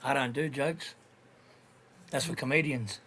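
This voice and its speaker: A man's voice: medium pitch, unhurried, a bit bright, a little hiss or hum. An Australian man in casual voice chat, talking bluntly with slang and heavy swearing. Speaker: livestream voice chat participant.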